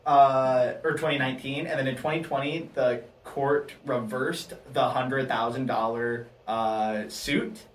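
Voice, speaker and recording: A man's voice: medium pitch, steady tone, a little slow, few pauses. A man telling a story in casual podcast chat, rambling with lots of fillers. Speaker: podcast host. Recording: roomy and a bit distant, faint noise.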